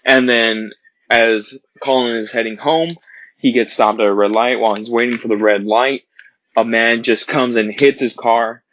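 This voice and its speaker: A man giving an earnest casual film review, recounting scenes with pauses and restarts. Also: medium pitch, steady tone, fairly bright tone, lo-fi sound, a little hiss or hum.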